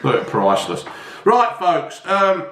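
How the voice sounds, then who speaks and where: In an echoey room, a man cooks and chats loosely to his vlog audience, swearing as he goes. He speaks at a measured pace in a high, somewhat bright voice that swings hugely in pitch.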